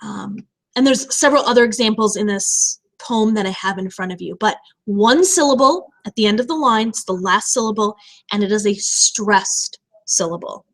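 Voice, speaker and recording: A woman teacher explaining poetry terms in a recorded lecture, slowing down to stress key words. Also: mid-range voice.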